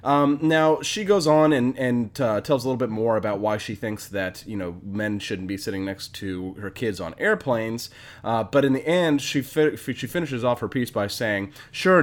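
A male podcast host gives political commentary in a lowish voice. He talks in an animated, indignant way and argues his points hard. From United States.

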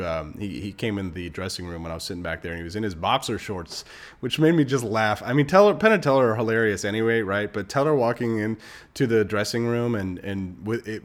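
A man in his thirties from Missouri, hosting a casual podcast and telling stories in a rambling, chatty way with many fillers and restarts. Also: lowish voice. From Missouri, United States. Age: 30s. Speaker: podcast host.

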